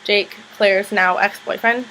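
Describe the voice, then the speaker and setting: A woman's voice: fairly even intonation, measured pace, bright, forceful tone, a little hiss or hum, rough recording. A young woman vlogger casually recapping a TV episode, chatty and full of "like", acting out the characters' lines as she goes. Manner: chatty, lots of "like", acts out characters' lines in higher voices.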